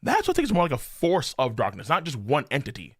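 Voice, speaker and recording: Animated, swearing man reacting live. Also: a little high, fast, dry recording, clean studio sound. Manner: animated, profane, lots of laughing asides. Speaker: streamer. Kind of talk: live manga reaction stream.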